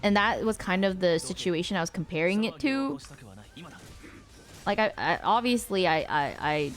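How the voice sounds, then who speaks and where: A woman streamer casually telling a story to her chat, animated and laughing often, acting out the lines of the people in it. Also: fairly low pitch, moderate pace. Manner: animated, acts out quoted lines, frequent laughter. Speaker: rideshare driver.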